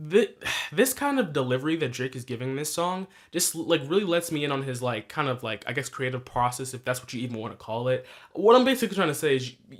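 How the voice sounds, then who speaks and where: In this casual solo music-review podcast, a young man with a mid-range, slightly bright voice goes over new releases. He keeps it loose and profane, often correcting himself and laughing at what he's just said.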